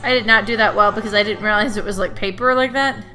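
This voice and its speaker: Bright-voiced woman playing a game. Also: medium pitch, steady tone, fast talker. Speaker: let's play gamer. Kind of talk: game commentary.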